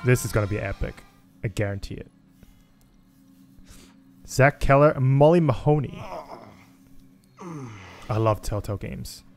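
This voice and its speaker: A young man giving casual, excitable let's-play commentary as a gaming YouTuber, swearing freely. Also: mid-range voice, a little slow, long pauses. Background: game audio with music.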